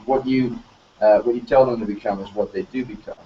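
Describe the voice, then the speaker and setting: A man speaking fast and thoughtfully in a casual group chat. His voice sounds roomy and distant, with faint noise behind it. The recording is dull and muffled. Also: medium pitch, fairly even intonation, warm tone. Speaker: panel guest.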